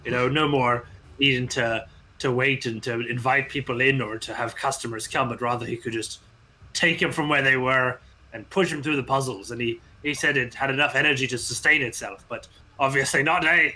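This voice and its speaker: A man's voice: medium pitch, fairly even intonation, brisk, pushed and bright. A man voicing a chatty, gossipy male puzzle-maker in a tabletop game, gleeful about a rival's failure. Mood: gloating.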